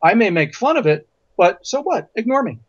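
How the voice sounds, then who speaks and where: Male interview guest, high voice, emphatic and anecdotal, muffled lo-fi sound. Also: sing-song, normal speed, slightly rough, no echo. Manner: emphatic storyteller who repeats words for stress. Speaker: physician and guest. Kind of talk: interview conversation. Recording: dull lo-fi audio.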